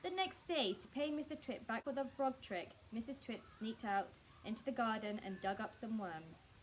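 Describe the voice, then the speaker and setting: A woman reading a children's book aloud in a staff room, expressive and speaking directly to her young listeners. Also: fairly high pitch, moderate pace, a little hiss or hum, poor audio. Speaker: storyteller.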